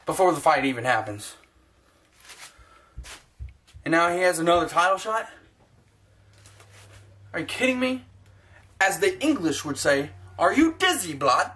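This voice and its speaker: A man from the United States rants about sports to his camera. His talk is heated and profane, with rapid-fire outbursts and sarcastic asides. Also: a little high, a bit bright. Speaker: sports vlogger. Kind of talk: ranting sports opinion vlog.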